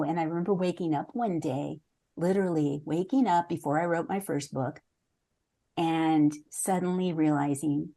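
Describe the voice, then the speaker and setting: A woman's voice: fairly low pitch, normal speed, mellow. A woman in her sixties, a memoir author answering interview questions in an earnest, reflective way, now and then restarting a sentence.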